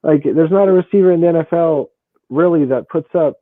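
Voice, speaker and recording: A man co-hosting a sports podcast, rattling off numbers fast and repeating his words as he argues. His voice sits a little high. The sound is dry and tinny, like a phone line. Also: no echo. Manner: talks fast, repeats words, stacks stats. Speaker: podcast co-host. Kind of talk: casual sports debate.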